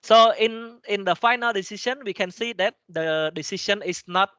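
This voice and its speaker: A man with a Cambodian accent, a native Khmer speaker, lecturing in a halting way, with many restarts and frequent "okay?" checks to the class. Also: sits high, a bit bright, dry recording, lo-fi sound. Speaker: teacher. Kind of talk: lecture explaining slides, switching between English and Khmer.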